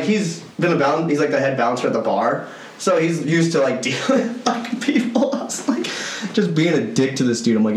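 A young man with a fairly high, very lively voice tells rambling stories full of swearing and laughter. He co-hosts a podcast and sits a little back from the mic. The room echoes around him, with a faint hiss underneath. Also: distant mic. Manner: profane, laughing storyteller. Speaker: podcast co-host. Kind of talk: casual chat.

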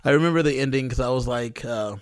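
A relaxed podcast co-host with a mid-pitched voice in casual chat. They sometimes read a summary aloud. The sound is close and dry. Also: fast talker, dry recording.

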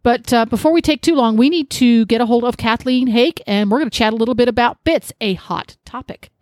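A woman's voice: fairly high pitch, brisk, a little mellow, no echo, studio quality. A woman hosting a casual radio talk show, prompting her guests and steering the conversation. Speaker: show host.

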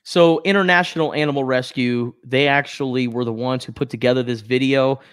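A man's voice: medium pitch, a little fast, clean tone, no echo, studio quality. A man co-hosting a podcast, chatting casually and telling stories with self-deprecating humor. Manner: self-deprecating, animated storytelling. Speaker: podcast co-host. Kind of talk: casual chat.

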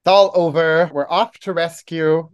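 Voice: mid-range voice, steady tone, smooth. Dry, wry podcast co-host analyzing a show. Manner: dry, wry, analytical, sometimes slows down to weigh words. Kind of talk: casual TV analysis chat.

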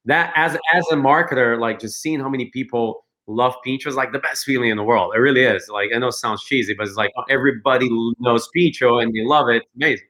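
A man talking as a podcast guest, animated and storytelling, acting out quotes. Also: medium pitch, quick pace, few pauses. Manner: animated, laughing, acts out quotes. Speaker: guest entrepreneur. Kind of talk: casual storytelling.

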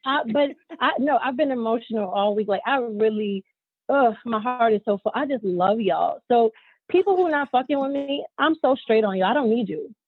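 A woman's voice: a little high, normal speed, slightly rough, no echo. A woman in her thirties talking candidly in a casual chat as co-host, open about her feelings. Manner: candid, emotional, tearful at times. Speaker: podcast co-host. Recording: tinny phone-like sound.

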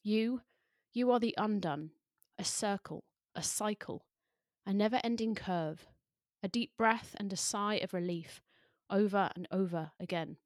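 A woman podcast host reading a poem aloud in a soft, deliberate way. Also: medium pitch, no room sound, studio quality. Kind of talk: slow, measured poetry reading.

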